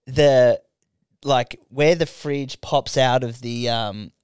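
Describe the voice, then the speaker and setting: A young man co-hosting a casual podcast, rambling through sweary stories and mimicking people in high voices. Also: slow, darkish tone, clear, resonant tone, no room sound, clean studio sound. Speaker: podcast co-host.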